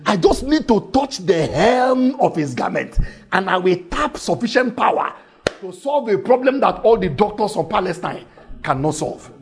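A man preaching a sermon, fervent and shouting at times, telling stories and calling out to the crowd. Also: sits high, big pitch swings, moderate pace, slight background noise. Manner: fervent, shouting, storytelling with call-outs.

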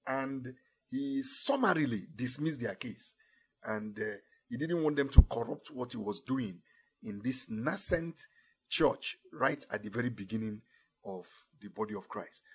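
A man preaches emphatically, sinking to low murmurs and then rising to raised declarations while drawing out key phrases slowly. His voice is slightly rough, with lively intonation.

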